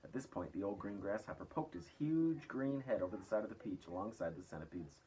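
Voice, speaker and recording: A man reading a children's story aloud, lively, with raised voices for the characters. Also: on the low side, a little fast, slight background noise, poor audio. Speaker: reader.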